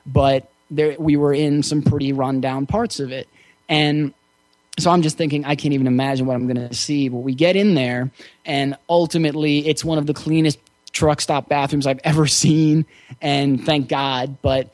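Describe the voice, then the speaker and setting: A man as an interview guest, telling a personal story in a relaxed, reflective way with frequent fillers. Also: on the high side, moderate pace, dry recording. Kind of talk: casual storytelling.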